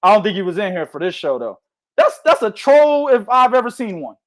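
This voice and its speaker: A high-pitched man hosts a boxing show with loud, passionate, profane chatter. He talks like this all the time, heated and unfiltered. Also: big pitch swings, fairly quick. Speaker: boxing podcast host. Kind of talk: heated casual chat.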